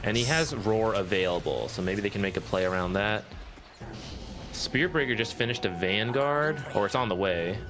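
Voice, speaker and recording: A man giving relaxed live commentary on an esports match, chuckling now and then as he breaks down the plays. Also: on the low side, normal speed. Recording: music bed behind the voice.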